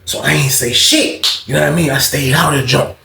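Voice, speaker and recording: A man's voice: medium pitch, a little fast, creaky, echoey room, slight background noise. A man telling a story in a casual, slangy, profane way, acting out the people in it. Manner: slangy, profane, animated retelling with quoted voices.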